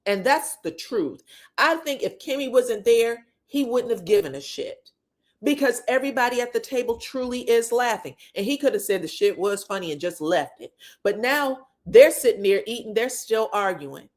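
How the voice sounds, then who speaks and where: A woman's voice: a little high, lively intonation, moderate pace. A woman hosting a casual reality TV gossip recap. She tells the story with animation, acts out what each cast member said, laughs often and swears freely.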